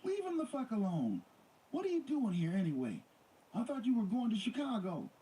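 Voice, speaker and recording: A man voicing a furious young woman who shouts and swears. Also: on the high side, huge pitch swings, brisk, husky, pitched above the performer's own voice, full character voice.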